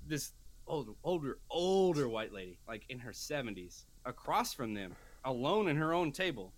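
Here a man co-hosting a podcast relates a lengthy tale in relaxed chat, voicing each person he quotes with animation. His pitch is medium and his speed normal.

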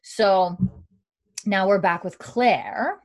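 A woman hosting a casual podcast recapping a show retells scenes with drawn-out words in a medium-pitched voice. An animated storyteller, she acts out the characters' lines.

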